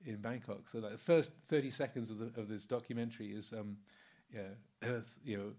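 This Buddhist monk, a man in his sixties, gives a relaxed, anecdotal Dharma talk with many fillers and regular chuckles. His pitch sits fairly low, and he moves briskly with few pauses.

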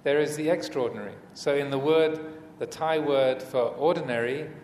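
A man teaching as a Buddhist monk in a dharma talk, speaking hesitantly with many fillers and restarts and gentle humor. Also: a little high, moderate pace. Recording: echoey hall, faint room noise.

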